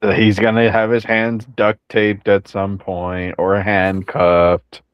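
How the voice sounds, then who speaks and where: A man co-hosting a casual wrestling review podcast, giving calm, measured analysis. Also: lowish voice, clean tone, no echo, lo-fi sound. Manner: calm, measured analysis with brief agreeing interjections. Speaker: podcast co-host.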